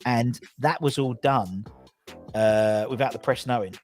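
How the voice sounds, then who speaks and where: A man's voice: medium pitch, measured pace, darkish tone, soft background music. A man hosting a casual football fan chat show, rambling through stories and reading out viewer comments. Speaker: podcast host.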